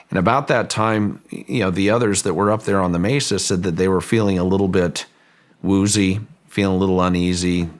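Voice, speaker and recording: A man as an interview guest, recounting a story in a measured, deliberate way with frequent restarts. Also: low-pitched, steady tone. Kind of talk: storytelling in a long-form interview.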